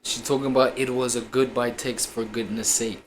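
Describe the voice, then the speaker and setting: A man's voice: medium pitch, level tone, normal speed, a little hiss or hum. A man co-hosting a stream, chatting casually in a slangy, rambling and incredulous way. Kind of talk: casual chat.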